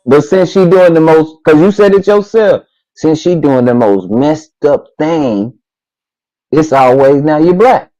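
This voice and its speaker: A man in a casual discussion, halting and restarting as he slowly builds his point. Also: on the high side, warm tone, highs cut off. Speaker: co-host.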